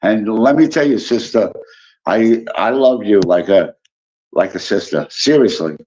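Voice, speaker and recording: An Illinois man hosts a casual livestream, reading comments and teasingly greeting viewers by name. His voice is lowish and expressive with a darkish tone, delivered a little slowly. The lo-fi recording sounds dull and carries a slight hiss or hum.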